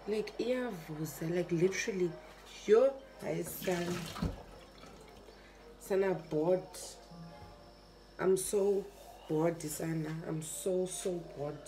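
A young woman with a South African accent vlogs in a loose, chatty way. Her voice sits low for a woman as she complains in an exasperated tone and speaks straight to her viewers. Music plays clearly underneath her. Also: slow pace, long pauses, warm tone. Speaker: vlogger. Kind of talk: casual vlog chat to camera. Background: background music.

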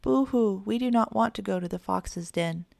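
A woman's voice: lowish voice, fairly quick, creaky, darkish tone, no echo, studio quality. Woman doing timid whining little kittens. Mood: whiny. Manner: whiny and frightened.

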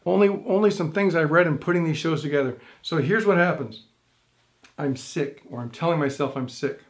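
Middle-aged guy telling a hypnosis story, pretty high voice, jumps up and down in pitch a lot. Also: moderate pace. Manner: animated storytelling with big pitch swings and quoted inner thoughts. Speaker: stage hypnotist and instructor. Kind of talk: storytelling to camera.

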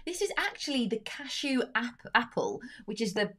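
A woman's voice: fairly high pitch, big pitch swings, normal speed, a bit bright. A woman presenting a live family science show, bubbly and explaining step by step.

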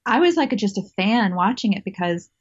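A woman's voice: medium pitch, sing-song, normal speed, husky, dull audio. A woman guest telling a story in a casual interview, chatty, laughing often and restarting her sentences.

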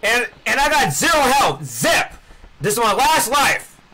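Frustrated high-voiced man yelling at games. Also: big pitch swings, a little slow, a crowd in the background. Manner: frustrated yelling and groaning at the game. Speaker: gaming streamer. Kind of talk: rage-quit gameplay commentary.

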